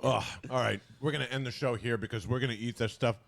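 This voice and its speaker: A male podcast host gabbing about football and food in a loose, casual way. His voice sits at an ordinary middle pitch, and he gets worked up fast, swearing freely. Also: creaky. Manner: animated, excitable, swears freely. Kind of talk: casual sports chat.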